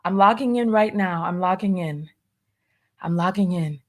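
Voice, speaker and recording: A woman's voice: lowish voice, normal speed, background noise. A woman hosting a casual livestream, nervous and stalling, repeating herself as she reads viewer comments aloud. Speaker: livestream host.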